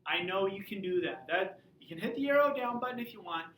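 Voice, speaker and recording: A high school teacher giving a casual, joking class update in an informal, chatty way. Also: animated, brisk, fairly bright tone, recorded from a distance, a little hiss or hum. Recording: roomy audio from away from the mic.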